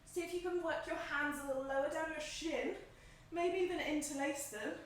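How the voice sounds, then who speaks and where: At normal speed, a slightly winded yoga instructor guides a flow in her high, light voice, keeping her encouraging cues calm and synced with each inhale and exhale. She's picked up from a few steps away in a bare, echoey room, with a little hiss or hum.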